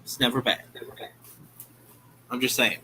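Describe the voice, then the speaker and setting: A man's voice: mid-range voice, unhurried, pushed and bright, a little hiss or hum, low-quality recording. A man from Ohio with a Southern US accent, chatting bluntly and swearing casually as a co-host. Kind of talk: casual chat on a livestream.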